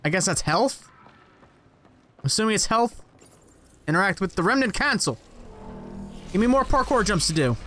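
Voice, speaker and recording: A young man narrates his own gameplay in an excitable, sarcastic running commentary, swearing freely and talking back at the game. His voice sits high and bright, and his pitch leaps around constantly. A faint hiss of noise sits under the recording. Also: normal speed, pauses often. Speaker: let's play gamer.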